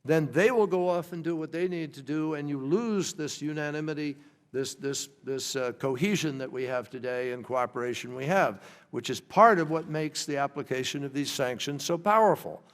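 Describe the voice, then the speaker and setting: A man, a government official, giving formal testimony at a hearing, measured and pausing often to restart his thoughts. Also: fairly high pitch. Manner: measured, with frequent hesitations and restarts. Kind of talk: formal testimony answering questions. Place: large hearing room. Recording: long reverb from a large hall.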